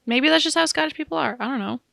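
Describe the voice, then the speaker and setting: Woman co-host, casual and chatty, laughs at her own tangents, vocal fry, dry recording. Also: sits high, racing, sharp tone, dry recording. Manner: chatty, giggly, rambling asides. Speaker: podcast co-host. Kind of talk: casual chat.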